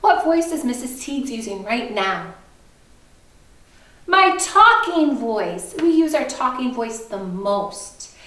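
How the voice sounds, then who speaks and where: A woman music teacher leading a kindergarten lesson, talking in a slow, sing-song, animated way and breaking into song. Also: fairly high pitch, echoey room, far from the mic.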